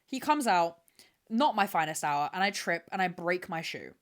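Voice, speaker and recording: A woman's voice: lowish voice, expressive, moderate pace. Profane, dramatic young woman podcaster. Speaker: podcast host. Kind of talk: casual storytelling monologue. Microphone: camera with mic, talking to camera.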